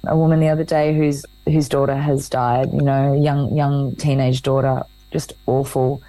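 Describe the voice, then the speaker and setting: A woman with a notably low voice speaks as a guest in a relaxed interview. She tells her story earnestly, slipping into quoted lines as she goes. The recording is dry and close. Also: normal speed, no echo, low-quality recording. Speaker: guest, author. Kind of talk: casual conversational interview.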